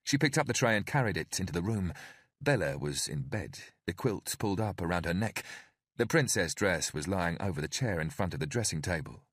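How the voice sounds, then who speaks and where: A man narrating an audiobook in a measured, even storytelling manner. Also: low-pitched, husky, dry recording, clean studio sound. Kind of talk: scripted narration.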